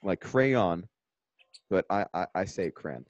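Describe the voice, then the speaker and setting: Young man, casual podcast chat, lively swings in pitch, muttered endings, dry close sound. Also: normal speed, dry recording, highs cut off. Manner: animated, jokey, drops to a mutter at line ends. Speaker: podcast co-host.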